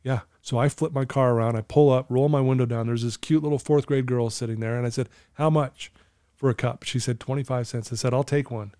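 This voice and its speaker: A man's voice: mid-range voice, fairly even intonation, fairly quick, warm tone, clean tone, no room sound, studio quality. A man in his fifties, a recovery coach, telling a personal story as a podcast guest in an earnest, emotional way, laughing easily.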